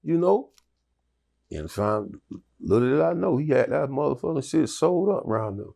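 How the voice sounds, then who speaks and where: A man's voice: mid-range voice, animated, brisk, vocal fry, dark tone. A middle-aged man telling his life story in an interview, profane and rambling with many restarts. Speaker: interview guest.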